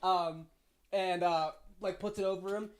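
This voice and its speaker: A woman's voice: lowish voice, fairly even intonation, a little slow. Rambling woman game master. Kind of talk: narrating a tabletop game.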